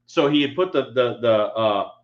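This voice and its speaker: Middle-aged male co-host, rambling and a bit tipsy, mid-pitched voice, dull lo-fi sound. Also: animated, moderate pace. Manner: rambling storyteller, drinking. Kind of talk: casual chat.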